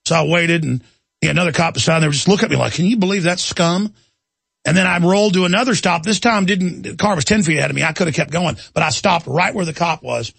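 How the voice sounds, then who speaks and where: A man's voice: fairly high pitch, fast talker, vocal fry, fairly bright tone, slightly rough, dry recording. A man, hosting talk radio and telling an indignant story in a rant.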